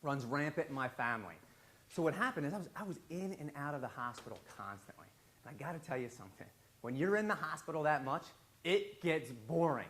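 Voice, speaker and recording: A man telling an animated story on stage in a large, very echoey hall. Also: fairly high pitch, brisk. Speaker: public speaker. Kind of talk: storytelling talk. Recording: very echoey hall, faint ambience.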